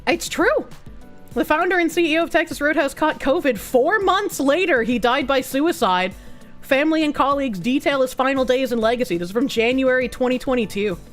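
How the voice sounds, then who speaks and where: A woman streamer with a rough throat, reading chat and news aloud with blunt, sarcastic asides and frequent swearing. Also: high voice, fairly quick, faint music behind. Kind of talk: casual livestream chat reading donations.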